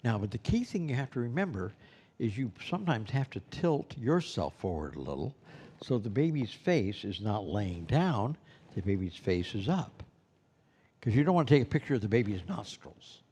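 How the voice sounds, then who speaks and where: A man's voice: fairly low pitch, big pitch swings, moderate pace, mellow, breathy edge. A man teaching a class of Santas, talking in a loose, conversational way full of asides. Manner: rambling and conversational, with many "you know"s. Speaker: instructor at a school for Santas. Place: classroom with students present.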